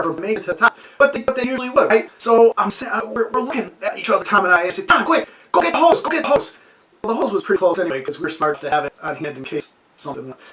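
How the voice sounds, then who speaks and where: Animated man in his sixties, quick storyteller. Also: on the high side, low-quality recording. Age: 60s. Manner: animated, laughs often, acts out scenes. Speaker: amateur radio hobbyist. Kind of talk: casual storytelling. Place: home with a wood stove.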